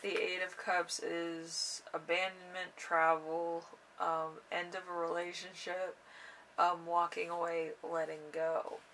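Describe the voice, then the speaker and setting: A young woman giving a casual tarot reading in an unhurried, rambling way with drawn-out fillers. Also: on the low side, flat delivery, a bit bright, far from the mic, a little hiss or hum, low-quality recording. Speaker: tarot reader.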